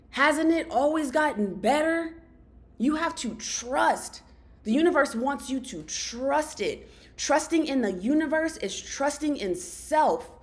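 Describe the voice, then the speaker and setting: A woman giving a motivational monologue to her followers, earnest and affectionate, talking in run-on spurts with lots of "like.". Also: high-pitched. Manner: earnest, affectionate, calls listeners "baby". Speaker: motivational vlogger.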